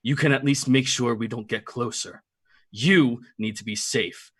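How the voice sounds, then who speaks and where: A man playing a tabletop game, earnest and a little halting, arguing his case. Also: mid-range voice, a bit bright, breathy edge. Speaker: player. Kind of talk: tabletop role-play, in and out of character.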